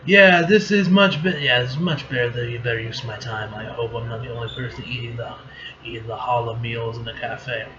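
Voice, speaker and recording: A man's voice: mid-range voice, steady tone, a little fast, sharp tone, highs cut off, slight background noise, pitched below the performer's own voice, lightly acted. A man voicing a tired, sulky teenage girl superhero as he reads a comic aloud. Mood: weary. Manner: reading comic lines aloud.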